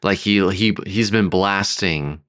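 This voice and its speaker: Male podcast co-host, lowish voice, loose casual brainstorming, dry mic. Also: slow, a bit bright, smooth, dry recording. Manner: loose, full of "like" fillers. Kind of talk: casual story brainstorming chat.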